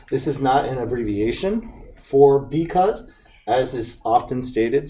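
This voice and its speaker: Mellow-voiced man teaching grammar. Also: medium pitch, a little hiss or hum. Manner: explains step by step, reads example sentences slowly. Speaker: English teacher. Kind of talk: classroom grammar lesson. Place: classroom.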